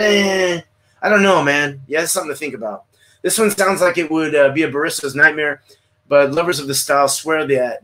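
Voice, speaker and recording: A man's voice: medium pitch, a bit bright. A man hosting a solo beer livestream, his voice right in the middle of the range for a man. He talks in a loose, rambling way to his chat, tripping over and repeating words. He drops a casual curse here and there, recorded on a computer mic. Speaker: beer review livestream host.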